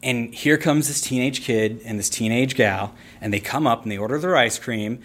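A man telling a personal story on stage, animated and playful with a theatrical flair. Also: mid-range voice, normal speed. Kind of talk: live storytelling.

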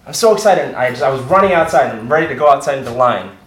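A man's voice: mid-range voice, expressive, very fast, echoey room, poor audio. A young man animatedly telling a personal story on a live storytelling stage.

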